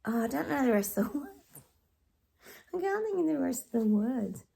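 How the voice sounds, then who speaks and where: This middle-aged Australian psychic chats straight to camera, calling her viewers "guys" and breaking into snatches of song during a casual reading. Her high voice swings widely in pitch at a normal speed, warm in tone with vocal fry.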